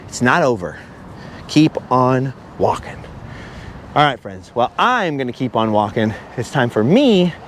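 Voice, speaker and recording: A man with a medium-pitched voice vlogs while walking along a beach outdoors, a little hiss or hum under the audio. He talks at length in a rambling walk-and-talk monologue, drifting off topic as he goes.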